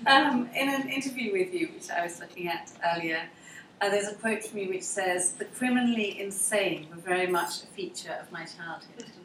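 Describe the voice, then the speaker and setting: A woman's voice: mid-range voice, moderate pace, fairly bright tone, slight background noise. A woman interviewing a guest, polite and a little hesitant, with fillers. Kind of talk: onstage interview. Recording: echoey room, far-off mic, faint ambience.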